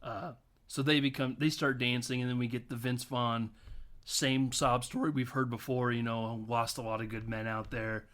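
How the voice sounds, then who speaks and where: Man, podcast host, casual film recap, storytelling, laughing, medium pitch. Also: level tone, moderate pace, a bit bright. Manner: storytelling, laughs often and acts out quotes.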